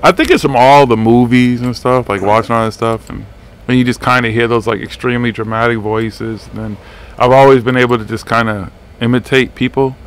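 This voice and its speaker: A male radio host chats loosely and swears freely on a live show. His voice sits in a middle pitch with a gravelly edge. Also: fairly even intonation, brisk. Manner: rambling, profane, laid-back. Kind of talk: casual live radio chat.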